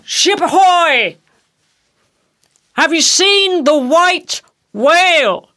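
A woman reading aloud voices an obsessed old sea captain who bellows slow, drawn-out hails across the water. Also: very high voice, lively intonation, pushed and bright, voice pushed up, full character voice. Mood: commanding hail.

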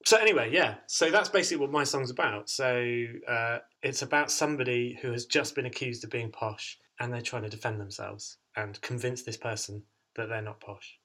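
Male podcast host, bright tone, chatty and laughing. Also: mid-range voice, moderate pace, hardly any pauses. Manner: chatty, laughs often, jokey. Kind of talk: casual chat.

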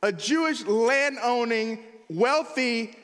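Animated high-voiced man preaching. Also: in a large hall. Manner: animated, laughing often, quick asides. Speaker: pastor. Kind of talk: sermon.

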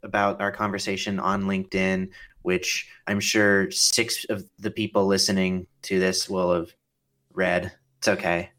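Low-voiced male podcast host. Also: a bit bright. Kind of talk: casual interview conversation.

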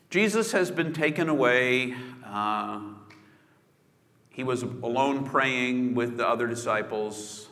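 Animated preacher in a reverberant hall. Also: male voice, medium pitch. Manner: conversational storytelling preacher, casual asides. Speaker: pastor. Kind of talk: sermon. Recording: echoey hall with long reverb.

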